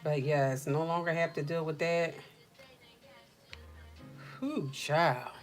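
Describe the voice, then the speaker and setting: Lively low-voiced woman telling stories. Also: slow pace, soft background music. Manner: animated, slangy storytelling. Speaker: livestream host. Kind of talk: casual livestream chat.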